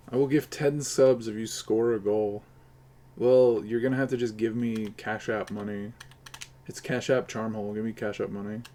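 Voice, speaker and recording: A man's voice: on the low side, warm tone, a little hiss or hum. A man live-streaming while gaming, chattering in a rambling, crude, joking way to his viewers.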